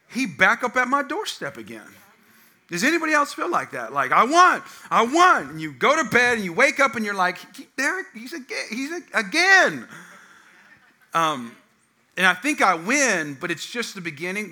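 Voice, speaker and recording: Young male pastor, high and very bright voice, storytelling sermon with loud bursts and hushed asides. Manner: storytelling, swinging from loud acted quotes to hushed tones.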